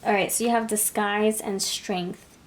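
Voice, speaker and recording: A woman's voice: mid-range voice, fairly even intonation, unhurried. A woman giving a casual pick-a-card tarot reading. She rambles and repeats herself, and slips into voicing other people's thoughts. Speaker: tarot reader.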